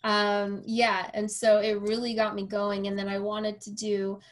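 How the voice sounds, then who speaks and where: A woman hosting a podcast interview, telling a lively story and acting out the voices of the people in it. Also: mid-range voice, unhurried. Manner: animated storyteller, quoting herself and others. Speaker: podcast host. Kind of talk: casual interview conversation.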